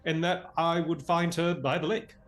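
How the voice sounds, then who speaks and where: A man's voice: on the high side, steady tone, normal speed. A man playing a tabletop game in character, playful and joking. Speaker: player.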